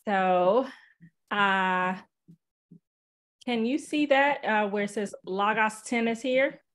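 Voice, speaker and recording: Casting note: relaxed, chatty woman demoing software on a webinar call, mid-pitched, lots of ums. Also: slow pace. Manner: chatty, relaxed, with many fillers. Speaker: software presenter. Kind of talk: casual webinar demo.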